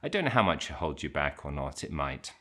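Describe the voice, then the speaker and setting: A middle-aged man with a very low voice that still comes across bright and forceful. He talks casually and reflectively, thinking aloud, with plenty of fillers, false starts and restarts. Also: very animated, brisk. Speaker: English teacher and channel host. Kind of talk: casual reflective talk to camera.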